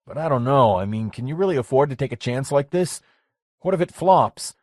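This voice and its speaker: A man's voice: mid-range voice, expressive, fairly quick, darkish tone, no echo, studio quality, voice pushed up, close to an everyday voice. A man reading the lines of a blunt, skeptical businessman in his forties who swears freely. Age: 40s. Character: blunt, skeptical middle-aged businessman friend.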